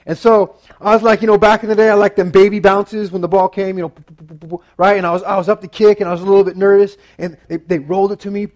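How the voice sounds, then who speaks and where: Man, high voice, youth sermon, animated storytelling, keeps asking "right?". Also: fast, faint music behind. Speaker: youth pastor.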